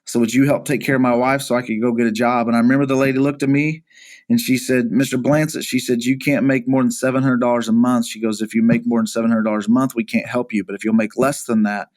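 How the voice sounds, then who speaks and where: A man's voice: mid-range voice, level tone, fast, a little mellow. A male pastor from Missouri, a podcast guest, earnestly telling his own life story with frequent restarts and repeated words. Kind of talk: personal testimony in a podcast interview.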